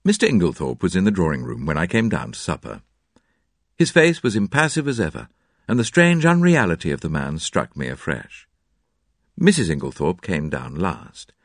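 A low-voiced man narrates a classic mystery with a highly animated, dramatic delivery. His pitch swings widely from line to line. The recording is dry and close. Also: moderate pace, dry recording. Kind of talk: audiobook narration.

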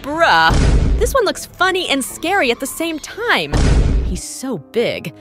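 A high-voiced woman gives excited reaction commentary. She leaps from shrill squeals down to low murmurs and back. She talks at an unhurried pace over faint music. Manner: dramatic gasping exclamations, swooping from squeals to low murmurs. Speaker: reaction video host.

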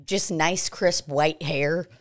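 A woman's voice: low voice, steady tone, slow. A woman co-hosting a casual comedy podcast, telling rambling, profane stories and acting out what people said. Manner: profane, rambling storytelling with acted-out quotes. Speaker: podcast co-host.

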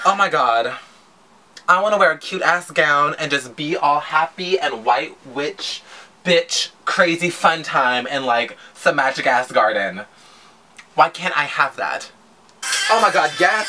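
A man's voice: on the high side, expressive, measured pace. A man hosting a reaction video, reacting campily and exclamatorily to a music video, full of profane gushing. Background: music video playing.

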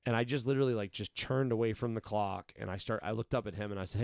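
Racing along with hardly any pauses, a fighters' coach in an interview spins long, casual stories, animatedly performing quotes from himself and others. His voice is on the low side, recorded with clean studio sound and no room tone.

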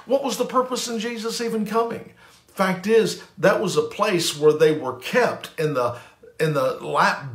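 A man's voice: a little high, roomy sound. A pastor giving an emphatic sermon, repeating phrases and restarting lines as he preaches.

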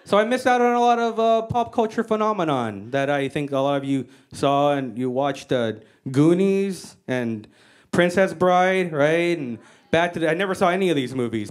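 A woman doing a stand-up comedy set on stage, telling stories with animated, mock-exasperated swearing into a handheld mic. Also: low voice.

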